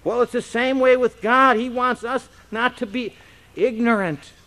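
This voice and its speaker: Slow, high-voiced man preaching a sermon. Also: fairly even intonation, pushed and bright. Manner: conversational, peppered with rhetorical questions. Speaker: pastor. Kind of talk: expository Bible-teaching sermon.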